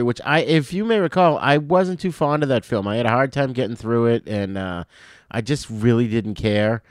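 A man co-hosting a film podcast, easygoing, laughing often and trailing off quietly. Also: mid-range voice, normal speed, no echo. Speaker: podcast co-host. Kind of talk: casual film review chat.

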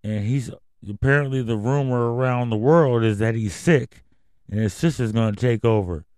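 A man's voice: medium pitch, moderate pace, a little mellow, smooth, no room sound. A man hosting a casual news commentary podcast, reading headlines and then going off on profane, rambling rants. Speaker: podcast host.

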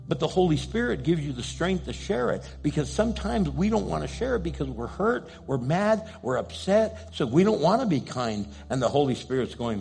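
A man who is a pastor, preaching a sermon with passion, rising to loud pleading and dropping to hushed asides. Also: mid-range voice, slightly rough.

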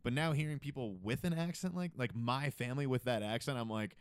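A man's voice: medium pitch, a little fast, clear, resonant tone, no room sound, clean studio sound. A young man from the US East Coast, co-hosting a comedy podcast in casual, rambling banter full of swearing. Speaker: podcast co-host.

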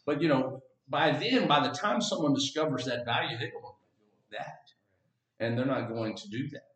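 A man's voice: mid-range voice, moderate pace, a bit bright, far from the mic. Man from Texas, casual chat, rambling, roomy echo, set back from the mic. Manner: rambling, many restarts and fillers. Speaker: podcast co-host.

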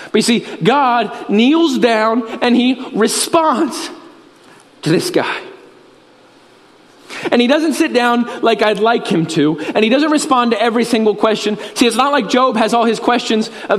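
A man preaching a sermon as a pastor, earnest and repetitive, with emphatic pauses. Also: very high voice, expressive. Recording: reverberant hall.

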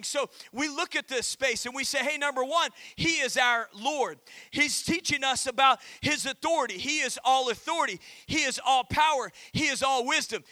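A man pastor preaching a sermon, calling out to the congregation and reading scripture with emphatic pauses. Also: very high voice, pushed and bright, no room sound. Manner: emphatic preaching with call-and-response.

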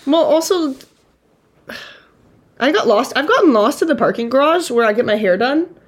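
A woman in her twenties hosting a podcast with her sister, trading quick reactions and chatty asides. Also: sits high, lively intonation. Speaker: podcast host. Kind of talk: casual chat.

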